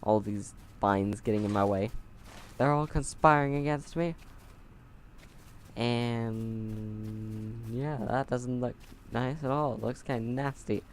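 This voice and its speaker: Speaking slowly and pausing often, a man with a mid-range voice narrates his video game session at home on a close desk mic, chatty and sarcastic with wry asides. A faint hiss or hum is audible in this let's play commentary.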